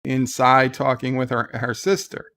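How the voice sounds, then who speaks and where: A man's voice: medium pitch, level tone, measured pace, a bit bright. A man hosting a casual livestream, ranting bluntly with swearing and answering his chat. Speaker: livestream host reading chat.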